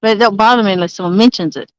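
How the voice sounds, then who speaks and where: A woman's voice: medium pitch, fast, no echo, rough recording. A woman chatting casually on a live stream from a campsite, greeting viewers by name and laughing often. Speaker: livestreaming angler. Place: campsite outdoors.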